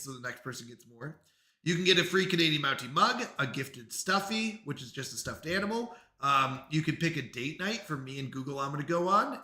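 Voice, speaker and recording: A man's voice: fairly high pitch, bright, forceful tone, roomy sound. A man live-streaming in casual chat, flustered and apologetic as he talks himself through technical trouble.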